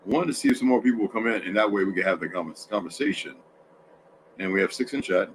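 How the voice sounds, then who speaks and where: A sleepy man with a low voice yawns his way through a casual home livestream, rambling with many restarts. He talks fast over a faint background hiss, and the recording is rough.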